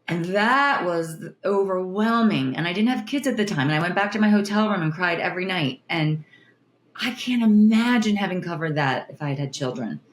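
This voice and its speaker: A woman's voice: on the low side, roomy sound, a little hiss or hum. A middle-aged woman, a TV news reporter, telling stories earnestly and with feeling in an interview. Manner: earnest, emotional storytelling with restarts. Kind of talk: interview guest, candid conversation.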